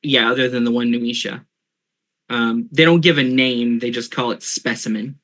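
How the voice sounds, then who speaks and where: Bright-voiced man running a tabletop game. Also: mid-range voice, steady tone, moderate pace. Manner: hesitant, filler-heavy narration. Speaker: game master. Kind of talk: narrating a tabletop game online.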